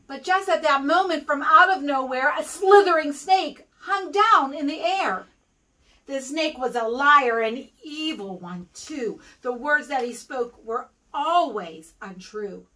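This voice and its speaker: Slow, bright-voiced American woman storyteller. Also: high voice, distant mic, low-quality recording. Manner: expressive, sing-song storytelling. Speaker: guest reader for kindergarten. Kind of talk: reading a rhyming picture book aloud.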